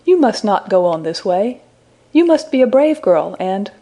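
A woman voicing an innocent, curious young woman who asks gentle, wondering questions, in a storybook reading. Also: medium pitch, sing-song, moderate pace. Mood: gentle, coaxing.

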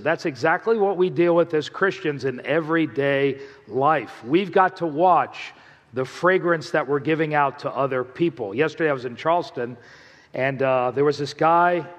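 A man's voice: on the high side, in a large hall. A male pastor preaching a sermon, telling stories in a conversational way and asking the congregation questions.

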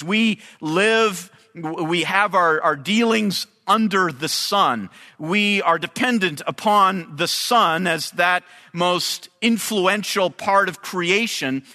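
A man preaching an expository sermon, slowly walking his listeners through a Bible passage and explaining the original Hebrew words. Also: high voice, sharp tone, big-room sound. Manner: measured teaching delivery, explaining Hebrew terms.

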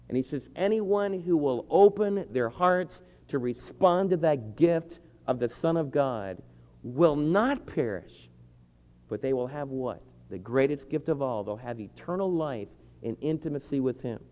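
A man preaching a sermon, earnest and pleading, slowing down to lean on key phrases. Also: on the high side, animated, a little mellow. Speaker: pastor. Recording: dull lo-fi with long hall reverb.

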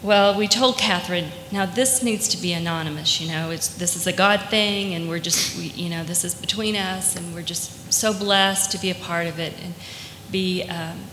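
Earnest woman with a bright, lowish voice. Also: fairly even intonation, normal speed, a little hiss or hum. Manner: heartfelt, earnest, with fillers and restarts. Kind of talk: storytelling testimony. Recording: echoey hall, faint ambience.

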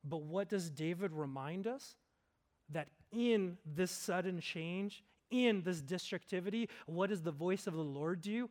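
A man with a notably high voice delivers a sermon from the pulpit. He preaches earnestly, building to loud, emphatic peaks and then sinking low and slow for the weighty lines. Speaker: pastor.

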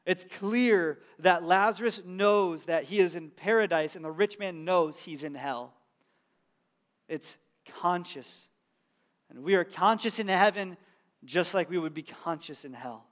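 A man's voice: sits high, unhurried, fairly bright tone. A man, a pastor, preaching a sermon in a conversational, emphatic way with casual asides.

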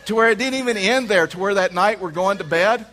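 A man preaching a sermon, telling a lively personal story and acting out his wife's lines. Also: high-pitched, a little fast, a little hiss or hum.

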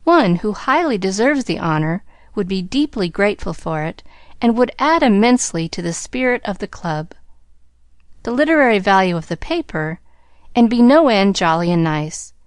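A woman's voice: mid-range voice, very animated, moderate pace, dry recording, natural voice. A woman voicing a tomboyish girl speaking with eager, mock-formal earnestness.

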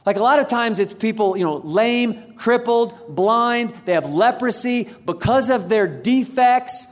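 A man's voice: very high-pitched, lively intonation, unhurried. A man preaching a sermon, telling a personal story with humor and acting out the quoted lines. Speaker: pastor. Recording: long hall reverb.

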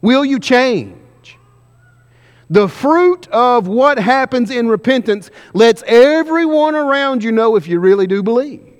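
A man preaching a sermon, pressing the congregation with repeated questions and slowing down for emphasis. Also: very high voice, animated, smooth. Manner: emphatic, questioning the congregation, varying pace widely. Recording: long hall reverb.

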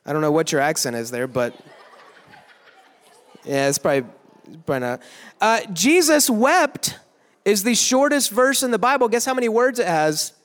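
A young man giving a joking youth sermon, teasing the crowd with quick asides in a large worship hall. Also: high voice, very animated, fairly bright tone. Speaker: youth pastor. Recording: echoey hall.

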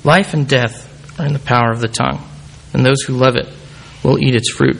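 A man's voice: mid-range voice, fairly even intonation, moderate pace, gravelly, a bit bright, a little hiss or hum. A man preaching a sermon, reading scripture aloud and calling the congregation forward. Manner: calls the congregation forward at the close.

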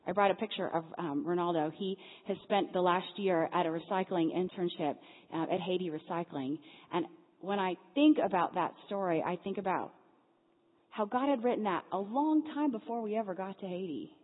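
A woman's voice: lowish voice, brisk. Woman preaching in an echoing hall. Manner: lively storyteller acting out dialogue. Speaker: speaker at a church Lent series. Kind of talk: storytelling sermon. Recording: phone-like sound in a big reverberant hall.

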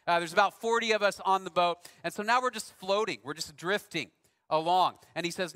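A man preaching a sermon, telling a personal story in a relaxed, conversational way with dry self-deprecating humor. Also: high voice, a little fast, big-room sound. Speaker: pastor.

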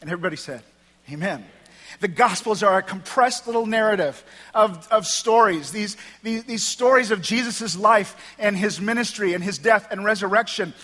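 A man's voice: sits high, moderate pace, bright, forceful tone. A man pastor preaching a sermon in a church, reading scripture with emphatic delivery and wry asides. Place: church sanctuary. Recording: long hall reverb.

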